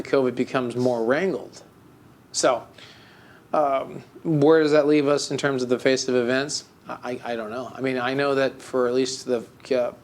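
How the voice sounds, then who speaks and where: A man co-hosting a podcast, chatting casually and telling a story with mock melancholy, full of fillers and restarts. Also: mid-range voice. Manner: rambling, with many fillers and restarts. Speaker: podcast co-host. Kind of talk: casual chat.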